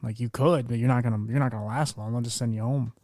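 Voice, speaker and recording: A man's voice: mid-range voice, steady tone, quick pace, warm tone, dry recording, studio quality. A man hosting a podcast interview, chatting casually in a rambling way with many fillers. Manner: rambling, filler-heavy storytelling. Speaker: podcast host.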